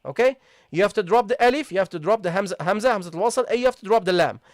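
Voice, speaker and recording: Teaching recitation live online, this man goes step by step, slowly repeats sounds and keeps asking "okay, guys?". He sounds high-pitched and animated, with clean studio sound and no room sound.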